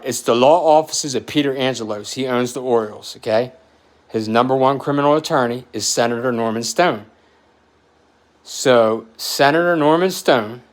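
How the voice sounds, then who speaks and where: A man in his forties telling a story in a podcast chat, animated and profane, getting emotional as he talks. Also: mid-range voice. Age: 40s.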